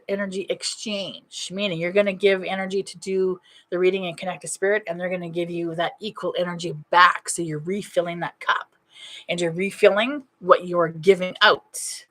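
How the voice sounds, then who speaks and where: A middle-aged woman with a bright, sharp voice talks casually to her audience as a spiritual medium. She hammers her points home by repeating key phrases. Her pitch sits in an ordinary middle range. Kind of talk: casual advice talk to an online audience.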